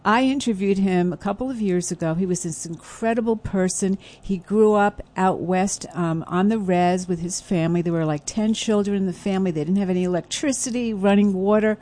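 A woman's voice: mid-range voice, a little fast, hardly any pauses, mellow. A chatty woman telling stories in a casual radio conversation. She laughs easily and talks in a friendly, rambling way. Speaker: radio show host, guest. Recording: broadcast radio studio.

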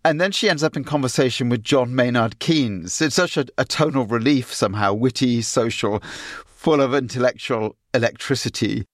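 A man's voice: medium pitch, normal speed, no echo, clean studio sound. A man hosting a book interview, articulate and enthusiastic. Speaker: interview host. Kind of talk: interview talk.

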